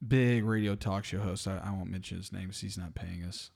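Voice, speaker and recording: A man joining a casual podcast chat as a guest friend, joking and telling stories in a lively way. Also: sits low, fairly quick, gravelly. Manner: lively storyteller, jokey.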